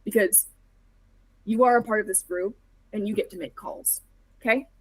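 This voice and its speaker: A woman's voice: mid-range voice, moderate pace, slightly rough, no echo, natural voice, poor audio. A woman playing an earnest young adventurer who speaks persuasively in her own voice.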